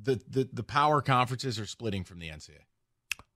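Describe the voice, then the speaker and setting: A man's voice: medium pitch, animated, a little fast, a bit bright, no echo, clean studio sound. A man co-hosting a sports talk show, blunt and emphatic, teasing the others as he debates.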